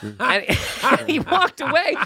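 Animated high-voiced man telling stories. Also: takes it slowly. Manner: animated storyteller, swearing, laughing often. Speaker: comedian guest. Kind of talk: casual podcast chat.

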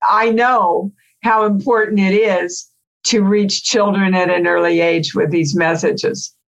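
Slow-spoken enthusiastic woman guest. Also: mid-range voice, fairly even intonation, muffled recording. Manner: warm, enthusiastic, drawn-out phrasing. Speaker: guest, author. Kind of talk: casual chat.

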